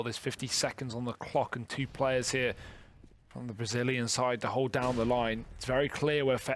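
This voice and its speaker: A male esports commentator at a mid-range pitch, running fast play-by-play with playful asides. He trades quips with his partner between the action. A faint hiss of noise sits underneath. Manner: jokey banter between calls. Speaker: esports caster.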